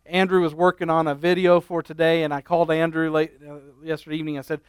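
A man preaching a sermon, a folksy storyteller telling humorous stories at an unhurried pace with frequent ums and restarts. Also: on the high side, level tone, smooth, no room sound. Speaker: pastor.

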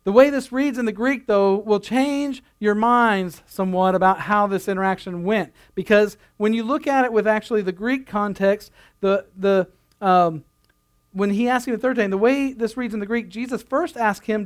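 A man with a notably high voice delivering a sermon. He speaks earnestly, leaning on repeated phrases to drive his points home. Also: normal speed, clean tone. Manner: earnest, building emphasis, repeats phrases for effect. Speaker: pastor.

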